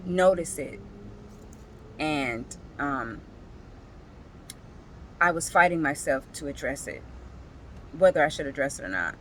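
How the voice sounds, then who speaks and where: A woman and single parent, slowly sharing a personal emotional story in a reflective vlog, tearful at times. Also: sits low, animated, a little hiss or hum, poor audio. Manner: slow, halting, emotional storytelling.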